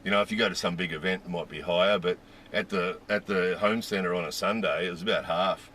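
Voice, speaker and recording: A man casually telling a story in an animated way, laughing and restarting when excited. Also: low voice, fast talker, slight background noise. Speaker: vlogger.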